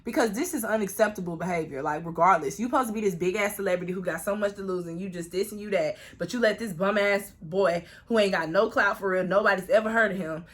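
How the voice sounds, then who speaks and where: A woman from Florida spins a wild storytime for her viewers, loud and profane. She leans into asides to the audience and jumps high in pitch whenever she acts out what someone said. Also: fast, few pauses. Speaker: vlogger. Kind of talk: storytime vlog, casual storytelling.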